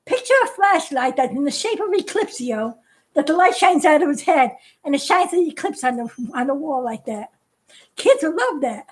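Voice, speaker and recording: A woman animator chatting casually with fans at home, excitable and laughing constantly. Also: high voice, normal speed. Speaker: animator showing her work to fans. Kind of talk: casual home vlog chat. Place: her home, indoors.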